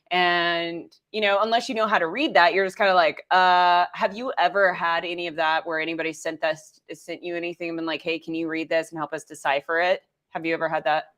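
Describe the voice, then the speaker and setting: A woman's voice: lowish voice, a bit bright. An American woman hosting a casual live-stream interview, chatty and enthusiastic, with lots of "like". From United States. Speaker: host.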